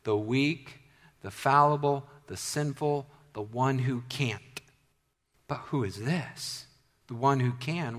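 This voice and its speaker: A man's voice: mid-range voice, takes it slowly, a bit bright. A man preaching a sermon in a conversational way that builds to emphatic declarations. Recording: long hall reverb.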